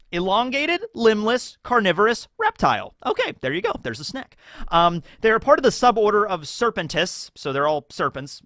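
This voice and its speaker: A man's voice: on the high side, pushed and bright, no room sound, studio quality. A young man hosting a casual commentary video, rambling and joking with lots of fillers. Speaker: YouTube channel host.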